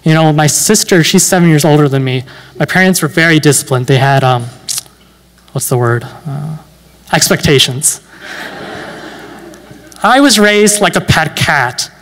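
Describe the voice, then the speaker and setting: Young male stand-up, late teens, slightly high voice, deadpan, live in a reverberant hall. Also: normal speed, pauses often. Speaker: stand-up comedian. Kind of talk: stand-up comedy set. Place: university event hall.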